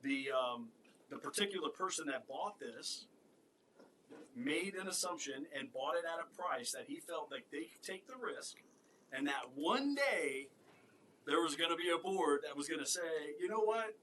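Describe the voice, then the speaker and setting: Man, commissioner, bright sharp voice, measured, faint hiss. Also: a little high, lively intonation, poor audio. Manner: measured, explanatory, with fillers. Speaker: county commissioner. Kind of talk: public meeting debate.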